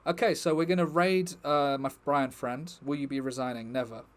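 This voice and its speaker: A man's voice: a little high, steady tone, a little fast. A young man chatting casually to his stream viewers, rambling and joking with the chat.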